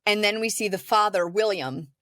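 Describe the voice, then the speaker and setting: A woman's voice: medium pitch, normal speed, a bit bright, no echo, studio quality. Chatty woman recapping a film plot. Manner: recounts the plot step by step, chatty with fillers. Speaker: podcast co-host. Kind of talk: casual movie discussion.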